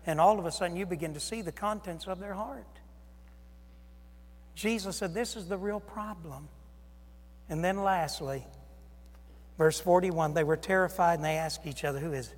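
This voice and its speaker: Male preacher, higher voice, dramatic sermon delivery with loud and hushed swings, reverberant sanctuary sound. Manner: animated, acts out voices of Jesus and disciples, swings loud and soft.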